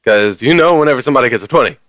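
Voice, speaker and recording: This vlogger races through an animated, rambling rant to camera, packed with fillers and mild swearing. His mid-range voice is fairly bright, with no room sound.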